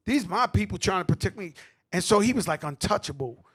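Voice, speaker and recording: A middle-aged man with a New York accent, telling animated stories at a tribute panel, acting out quotes and swearing freely. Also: sits high, brisk, husky. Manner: animated street storytelling, acts out quotes, swears. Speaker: host.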